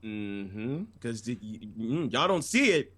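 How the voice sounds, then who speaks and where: A man co-hosting a casual wrestling review stream, chiming in with quick interjections and egging the host on. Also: mid-range voice, sing-song, fairly bright tone. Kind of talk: casual livestream commentary.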